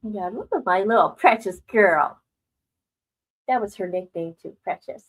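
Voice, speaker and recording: A middle-aged woman chats frankly to her viewers on a casual livestream. She is blunt, holds nothing back and laughs often between remarks. Her voice sits at a moderate pitch for a woman. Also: measured pace, breathy edge, rough recording. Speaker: livestream host.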